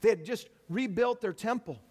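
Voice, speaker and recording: A man's voice: high voice, normal speed, darkish tone, slightly rough. A man preaching a sermon to his congregation, talking animatedly and acting out people's complaints in quoted voices. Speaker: pastor.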